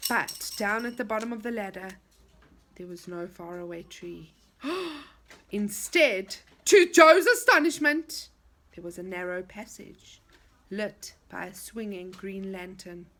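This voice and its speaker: A woman reading a children's story aloud in an expressive, animated way. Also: medium pitch, slow.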